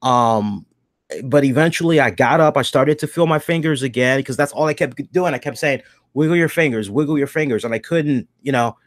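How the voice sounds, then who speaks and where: A man's voice: medium pitch, moderate pace, no echo, clean studio sound. A man co-hosting a podcast, telling a long personal story in a rambling, casual way, correcting himself and swearing now and then. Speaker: podcast co-host.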